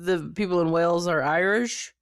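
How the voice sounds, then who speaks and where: A woman co-hosting a podcast in casual banter, throwing in quick joking interjections and laughing often. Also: lowish voice, clean tone, dry recording, clean studio sound. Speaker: podcast co-host.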